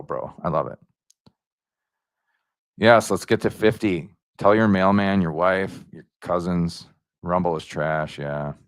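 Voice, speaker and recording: A man with a fairly low voice chats casually to viewers of his livestream, rambling and slangy. His pitch swings widely, leaping up when excited. The sound is dry and close. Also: dry recording. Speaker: YouTube livestream host.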